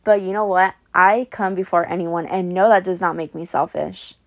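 A woman's voice: on the low side, steady tone, normal speed. Earnest young woman giving heartbreak advice. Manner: earnest, repeats phrases for emphasis, calls listener honey. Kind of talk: emotional pep talk to camera.

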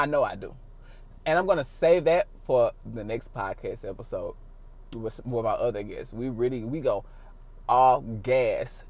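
A podcast host from St. Louis chats casually in a loose, profane, slangy way. His voice is medium-pitched and measured, captured on a phone call recording.

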